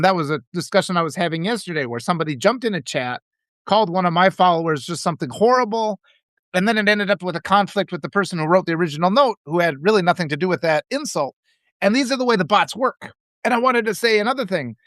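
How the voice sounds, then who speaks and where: A middle-aged man hosting a casual live stream, talking in a rambling, animated way with many restarts and laughs. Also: sits high, fast talker, no echo, clean studio sound. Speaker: author and live-stream host.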